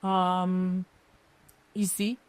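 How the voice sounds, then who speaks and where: A woman's voice: lowish voice, little pitch movement, very slow, smooth, dry recording. Woman, event-planner guest, emphatic storyteller, dry close sound. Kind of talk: casual interview chat.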